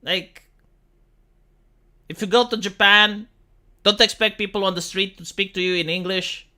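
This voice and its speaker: A man's voice: high voice, steady tone, unhurried, bright, forceful tone. A man who streams live and reacts with sarcastic, rambling commentary. He swears casually. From Romania.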